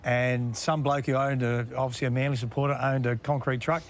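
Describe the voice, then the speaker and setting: A man, a former referee telling stories in a relaxed interview and chuckling at his own anecdotes. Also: medium pitch, a little fast, slight background noise. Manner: laid-back yarn-spinner, acts out quotes, chuckles. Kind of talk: casual storytelling interview.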